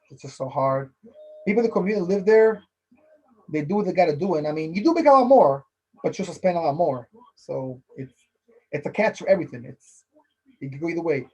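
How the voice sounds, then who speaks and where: A Philadelphia-based man hosts a casual solo podcast in a fairly high, husky, slightly mellow voice at a brisk clip. He rambles loosely, repeating phrases and filling gaps with "you know."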